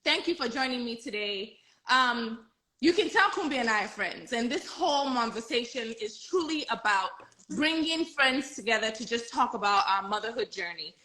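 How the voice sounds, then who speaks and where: A woman's voice: fairly high pitch, expressive, moderate pace, bright, forceful tone, rough recording. A woman hosting a casual live-streamed chat with a friend, bubbly and laughing often. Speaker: host.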